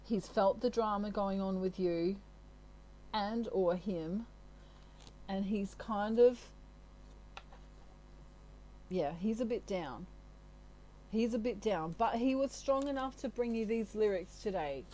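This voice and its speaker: A woman's voice: mid-range voice, slow, long pauses, warm tone, a little hiss or hum, low-quality recording. Chatty Australian woman tarot reader. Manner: chatty, rambling, giggly. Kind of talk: casual spiritual reading.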